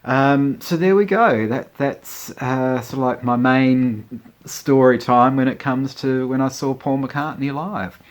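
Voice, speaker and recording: A man in his forties telling a story casually to camera. He rambles through it with an amused air, full of ums and side remarks. His voice sits at an ordinary pitch for a man. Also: a little slow. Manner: rambling and amused, many fillers and asides. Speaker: vlogger.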